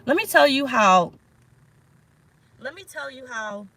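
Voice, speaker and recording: A woman's voice: sits high, animated, takes it slowly, bright, forceful tone, no room sound, poor audio. A woman tarot reader talking casually in a vlog, rambling and frank, swearing now and then. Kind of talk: casual spiritual vlog talk. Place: parked car.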